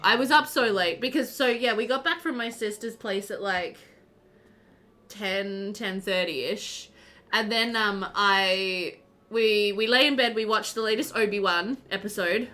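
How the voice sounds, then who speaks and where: A woman's voice: mid-range voice, measured pace, pushed and bright. A woman with an Australian accent, live-streaming a game at home and chatting in a rambling way, full of fillers. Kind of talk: casual chat while live-streaming a game.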